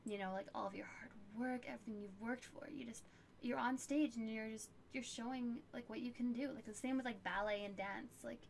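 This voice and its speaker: A woman's voice: fairly high pitch, steady tone, fairly quick, vocal fry, slight background noise. A young woman streamer chatting casually while answering viewer questions, full of fillers and laughter. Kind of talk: casual chat.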